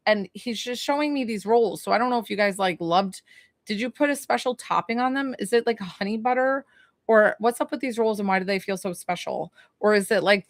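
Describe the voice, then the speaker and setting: A woman's voice: mid-range voice, a bit bright, no echo. A young adult woman working as a psychic medium in a live-streamed reading, talking in a chatty, hesitant way with many fillers and questions.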